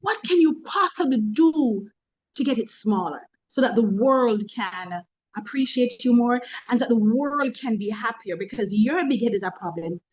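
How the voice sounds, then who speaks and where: A woman's voice: a little high, animated, moderate pace, husky, lo-fi sound. A woman with a Jamaican accent, a motivational speaker in a webinar talk, humorous and preachy, telling stories from work.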